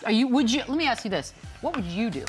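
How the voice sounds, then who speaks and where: A woman hosting a sports talk show, effusive and animated, with background music in the studio. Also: a little high, fast. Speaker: host.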